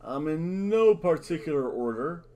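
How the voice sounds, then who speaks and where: A man's voice: fairly high pitch, expressive, a little slow, dark tone. A middle-aged man hosting a casual wrestling predictions vlog, playful and showy, with announcer-style catchphrases. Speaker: host.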